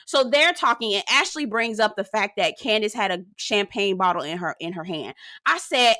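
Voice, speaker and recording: A woman's voice: medium pitch, lively intonation, normal speed, few pauses, pushed and bright, no echo, clean studio sound. A woman giving a sassy, profane rant while recapping a reality TV episode, talking emphatically and mimicking the cast members. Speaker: reality TV reviewer.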